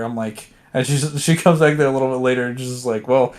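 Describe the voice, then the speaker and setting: A man's voice: medium pitch, fairly even intonation, a little fast. A man in his twenties casually telling a rambling work story on a stream, swearing now and then. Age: 20s.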